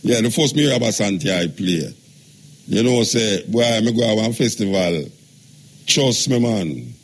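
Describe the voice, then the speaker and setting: A man with a Jamaican accent hosting a call-in radio show, talking in a relaxed, joking way with patois. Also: lowish voice, a little slow, slightly rough. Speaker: radio talk show host. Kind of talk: casual call-in radio talk.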